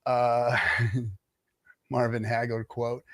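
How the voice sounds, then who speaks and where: A man's voice: mid-range voice, completely flat delivery, very slow, no echo. A middle-aged man chatting casually on a livestream, spinning a long anecdote and acting out other people's lines. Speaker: livestream guest telling stories. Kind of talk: casual storytelling chat.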